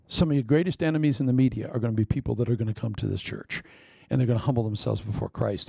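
Male pastor, blunt, teasing sermon delivery, gravelly tone, dry close sound. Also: mid-range voice, quick pace, no echo. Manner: blunt, teasing, with sudden loud bursts and hushed asides.

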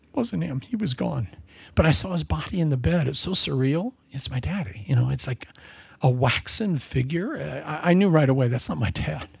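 A middle-aged man preaching with a gravelly, husky voice. He tells stories in an animated way, swinging from sudden shouts down to near-whispers. The sound is dry and close, with no room around it. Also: on the high side, normal speed, no room sound. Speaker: pastor. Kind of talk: sermon.

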